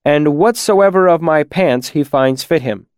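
A man's voice: fairly high pitch, animated, moderate pace, a little mellow, smooth, no room sound, studio quality, pitched above the performer's own voice, natural voice. A man voicing a sly young man who dictates a mock will in a grand, magnanimous way.

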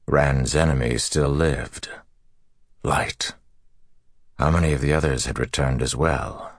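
A man narrating a fantasy audiobook with a very deep, gravelly voice. He reads in a slow, measured way, and the sound is close and dry. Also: no echo.

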